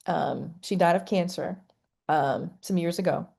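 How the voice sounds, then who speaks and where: A woman's voice: on the low side, measured pace, vocal fry, mellow. A middle-aged woman, a counselor, speaking as a podcast guest in an earnest, heartfelt way. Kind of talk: conversational interview.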